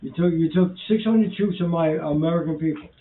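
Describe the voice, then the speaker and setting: A man's voice: fairly high pitch, fairly quick, slight background noise. A man in his sixties, emphatic and repeating his points in a casual political chat. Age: 60s. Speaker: co-host. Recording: tinny phone-like line.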